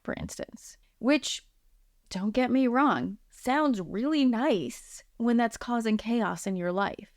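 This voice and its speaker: A woman's voice: a little high, slow pace, no room sound, studio quality. A woman hosting her own podcast, talking casually with lots of fillers and acted-out quotes. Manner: chatty and casual, many likes and ums, acts out quoted voices. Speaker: podcast host, healing practitioner. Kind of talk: solo podcast monologue.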